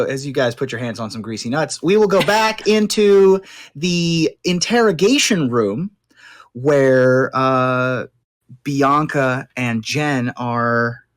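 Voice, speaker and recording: A game master narrating a tabletop game in a rambling way, with many fillers. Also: medium pitch.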